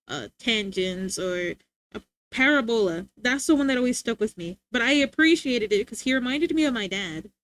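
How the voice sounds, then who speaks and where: Giggly, rambling young woman streamer. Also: on the high side. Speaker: livestreamer. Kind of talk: casual chat with viewers.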